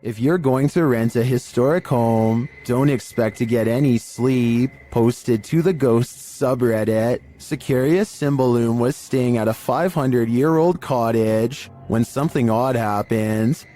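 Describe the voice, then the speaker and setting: A man giving scripted narration for a creepy video compilation in a measured, deliberate storytelling manner. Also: medium pitch, warm tone.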